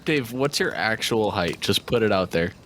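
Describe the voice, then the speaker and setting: A man's voice: fairly low pitch, expressive, normal speed, fairly bright tone, a little hiss or hum. A man co-hosting a podcast, teasing and joking in casual chat. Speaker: podcast co-host.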